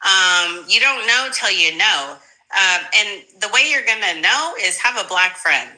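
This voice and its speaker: Woman guest, casual political talk, animated and emphatic, slow delivery, bright edge. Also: mid-range voice, low-quality recording. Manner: animated, laughing, emphatic with rising bursts. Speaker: guest commentator.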